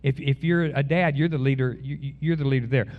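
A man's voice: mid-range voice, fairly even intonation, fairly quick. Middle-aged male preacher, folksy, self-deprecating, stumbles over openings, slightly dull recording. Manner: folksy, self-deprecating, repeats words when starting. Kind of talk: sermon.

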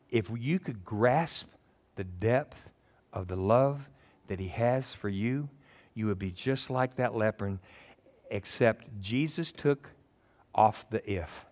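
A man's voice: mid-range voice, a little mellow. A man preaching a casual, joking sermon and telling stories in a conversational way.

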